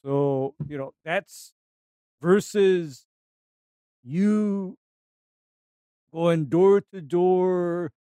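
Slow, deliberate man, dry close sound. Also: high voice, warm tone, clear, resonant tone, dry recording. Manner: deliberate, emphatic, halting phrasing. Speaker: solo business operator. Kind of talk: casual chat.

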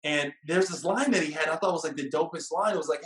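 A man telling a casual story about his first date, animated and laughing, acting out what people said. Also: on the high side, fairly quick, few pauses, echoey room. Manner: animated, laughing, acts out quotes.

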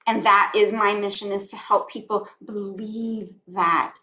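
A woman's voice: mid-range voice, fairly even intonation, unhurried, bright, forceful tone. A woman guest on a podcast, a spiritual life coach from the United States, talking in an earnest, heartfelt way, often repeating phrases. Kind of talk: conversational podcast interview.

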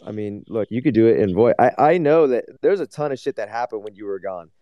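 A man's voice: lowish voice, lively intonation, a little fast, dry recording, lo-fi sound. A man speaking up in a live online audio room, taunting and mocking the host with lots of swearing. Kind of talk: profane taunting banter.

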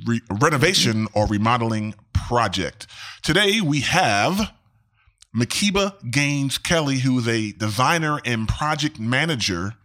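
A man in his forties hosts a podcast with an upbeat, emphatic delivery. He repeats key words for effect and keeps the tone lively and engaging. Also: medium pitch. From Maryland, US. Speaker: podcast host. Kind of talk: podcast intro and interview.

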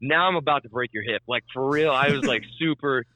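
A man's voice: mid-range voice, a little fast, pushed and bright, dry recording, low-quality recording. A young man telling a story in casual chat, swearing freely and acting out both sides of the conversation. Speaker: storyteller on a podcast.

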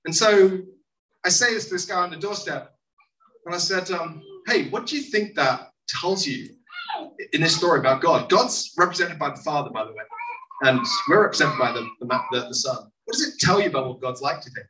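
A preacher telling a story to a congregation in a lively sermon style, acting out the people in it. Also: mid-range voice, brisk. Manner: animated, acts out quoted voices. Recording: echoey room, mic at a distance, faint noise.

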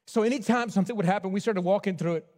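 A man preaching a sermon in a church, telling a personal story earnestly and dropping to a near hush at tender points. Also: high voice, very fast. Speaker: pastor. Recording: long church hall reverb.

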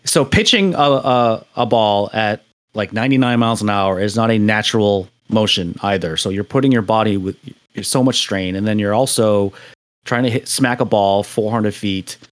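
A man's voice: fairly low pitch, normal speed, no echo. A man hosting a casual sports talk show, reading stats and then chatting. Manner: reads stats, then chats. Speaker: host.

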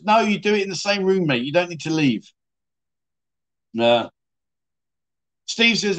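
A man's voice: high voice, expressive, measured pace, pauses often, fairly bright tone. A middle-aged man hosting a casual livestream, reading out viewer comments with cheeky, self-mocking humour and frequent laughs. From United Kingdom. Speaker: livestream host.

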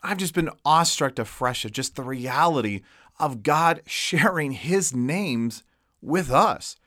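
A man's voice: fairly high pitch, fairly bright tone, no echo, studio quality. A man preaching a sermon, earnest and emphatic, leaning hard on key words and voicing quotations. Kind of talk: sermon teaching.

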